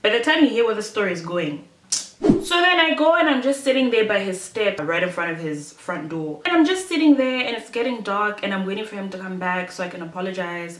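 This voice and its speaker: A young woman, telling a casual storytime to her viewers in a chatty, expressive way and acting out her own past thoughts. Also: medium pitch. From Malawi. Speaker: YouTuber. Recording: echoey room.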